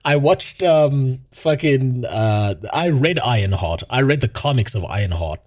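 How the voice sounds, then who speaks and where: A man's voice: mid-range voice, animated, a little slow. A male streamer ranting casually in a mocking tone, laughing often and rambling. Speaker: streamer host. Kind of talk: casual rant.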